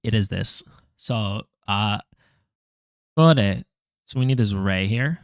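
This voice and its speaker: Man studying aloud, halting and wry. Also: on the low side, clear, resonant tone, dry recording, studio quality. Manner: halting, self-correcting, wry asides. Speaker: language learner vlogger. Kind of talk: thinking-aloud study session.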